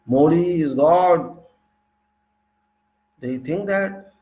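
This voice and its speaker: A man's voice: fairly high pitch, lively intonation, a little slow, pauses often, poor audio. A man with an Indian English accent giving an indignant political monologue, full of rhetorical questions and repeated phrases. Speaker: political commentator.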